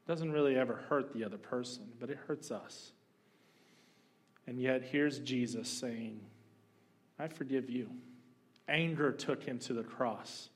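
Animated male preacher telling stories. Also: mid-range voice, unhurried. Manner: conversational, animated storytelling. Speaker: pastor. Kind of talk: sermon.

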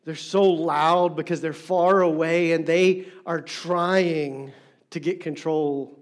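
Man preaching with a bright, raised voice. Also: on the high side, fairly even intonation, slow. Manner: dynamic, swings from loud emphasis to soft whispers; repeats phrases for emphasis. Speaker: pastor. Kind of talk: sermon.

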